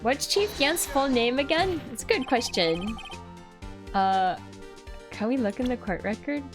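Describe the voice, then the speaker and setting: A young woman streamer chatting slowly and giggling as she thinks aloud over a game. Her voice sits a bit high, with faint game music behind. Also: expressive. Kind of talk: casual let's-play commentary.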